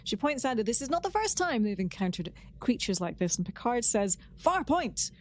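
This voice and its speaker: A woman's voice: on the high side, sing-song, a little fast, a little mellow. A woman co-hosting a casual podcast, chatting with enthusiasm and a lot of "um" restarts. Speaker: podcast co-host. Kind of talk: casual chat.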